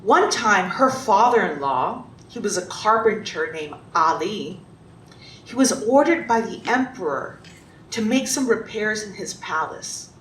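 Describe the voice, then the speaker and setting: A woman telling a story to children in an animated way, asking them questions as she goes. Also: a little slow. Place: congregation hall. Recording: roomy, distant, faint rumble.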